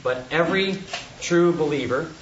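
A man giving unscripted Bible teaching at a meeting, in a measured, thoughtful way with frequent pauses and restarts. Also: on the high side. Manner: measured, thoughtful, with many hesitations. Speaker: Bible study speaker. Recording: echoey, distant, muffled, noisy room recording.

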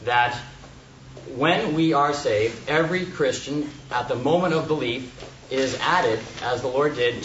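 A man giving unscripted Bible teaching at a meeting, in a measured, thoughtful way with frequent pauses and restarts. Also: medium pitch, fairly bright tone. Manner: measured, thoughtful, with many hesitations. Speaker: Bible study speaker. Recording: echoey, distant, muffled, noisy room recording.

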